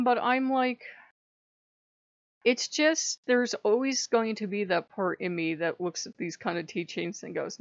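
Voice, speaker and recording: A woman ranting on her vlog in an animated, sarcastic way, swearing freely, on a dull, dry recording. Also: lowish voice, takes it slowly, pauses often, no echo. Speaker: vlogger. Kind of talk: casual vlog rant.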